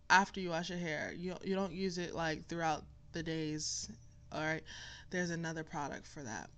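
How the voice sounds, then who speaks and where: Chatty young woman vlogger, slightly low. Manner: chatty, talks straight to viewers. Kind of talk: casual hair-care tutorial.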